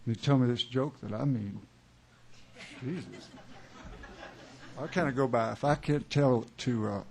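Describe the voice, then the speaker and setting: A man, chatting between songs at a small club show, rambling and halting with many pauses and wry chuckles. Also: mid-range voice, gravelly, a little mellow. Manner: wry, chuckling joke-teller. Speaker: singer-songwriter performing live. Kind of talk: onstage banter between songs. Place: small live music club.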